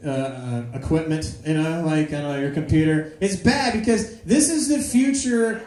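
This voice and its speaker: A woman doing a rambling, profane stand-up comedy set, breaking into loud shouted bits. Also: deep voice, normal speed. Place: comedy club with audience. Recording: echoey club room with crowd.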